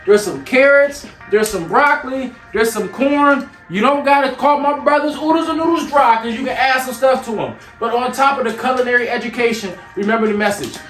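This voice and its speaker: A very high-voiced man from York, Pennsylvania, preaches motivation with energy and then slips into teasing banter. He sounds a little far from the mic in an echoey kitchen, with faint music underneath. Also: a little fast, few pauses, a bit bright. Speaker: motivational speaker and show host. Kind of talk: casual motivational talk while cooking.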